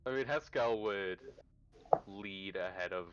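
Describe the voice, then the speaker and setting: A man's voice: low-pitched, unhurried, heavy background noise. A man playing in a tabletop game, laid-back with chuckling asides. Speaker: player. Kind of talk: casual tabletop game chat. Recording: dull lo-fi mic.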